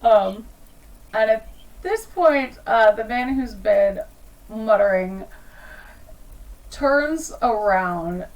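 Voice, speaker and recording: Game master, woman, slow and casual, laughs often. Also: fairly high pitch, lively intonation, distant mic, muffled recording. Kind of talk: narrating a tabletop game.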